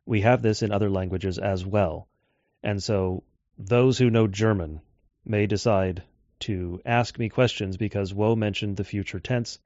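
A man giving a measured lecture on scripture translation, slowing down to quote texts. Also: on the low side, darkish tone, no echo. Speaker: Bible teacher. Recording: dull dry lo-fi audio.

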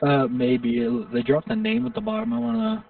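A man muses aloud and hesitates often during casual voice-chat banter. His voice is high and very gravelly. The audio is tinny, like a phone line, and far from the mic. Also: sing-song, normal speed, no room sound.

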